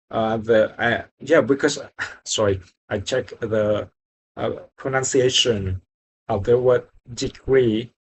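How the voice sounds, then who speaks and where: A young man learning English, speaking haltingly and searching for words, often apologizing in a casual practice conversation. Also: mid-range voice, slight background noise, rough recording.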